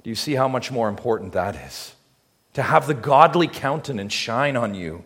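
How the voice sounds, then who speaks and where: A man's voice: medium pitch, animated, moderate pace, fairly bright tone. A man preaching a sermon as pastor, emphatic, drawing the congregation in with rhetorical questions he answers himself.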